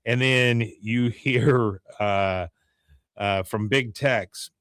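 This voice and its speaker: A man's voice: takes it slowly, clear, resonant tone, no echo. Guy on a podcast recapping an episode, voice bouncing all over, dry close mic. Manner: acts out characters' lines with animated pitch jumps. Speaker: podcast host.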